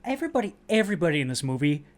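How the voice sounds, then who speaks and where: A man's voice: fairly high pitch, very animated, racing. A young man co-hosting a casual movie podcast, enthusiastic and opinionated. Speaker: podcast co-host.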